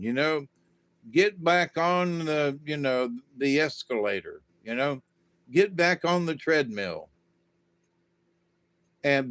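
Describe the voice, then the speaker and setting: A man's voice: a little high, a bit bright, dry recording. A man giving a casual, rambling monologue to his viewers in a folksy manner, full of "you know" asides. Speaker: vlogger.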